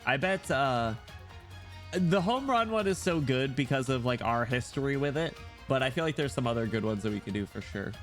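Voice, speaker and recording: A sick man streaming a game, his voice rising and falling all over the place as he chats and jokes with his viewers. He talks in quick, animated asides while a little game music plays softly behind him. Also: medium pitch. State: sick, voice cracking. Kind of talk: casual gaming stream, reading game dialogue aloud.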